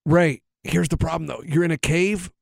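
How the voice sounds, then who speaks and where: A man's voice: on the high side, moderate pace, creaky, no room sound, clean studio sound. A man co-hosting a talk show, telling a story in casual banter and acting out what others said. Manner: animated storyteller, acts out other people's lines. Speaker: radio show co-host.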